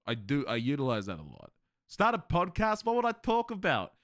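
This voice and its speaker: A man's voice: fairly high pitch, a little fast, no echo, clean studio sound. A male streamer chatting casually with his viewers, swearing freely and laughing often. He has a slight lisp and slurs his words at times. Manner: animated, profane, laughs often. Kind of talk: casual livestream chat with viewers.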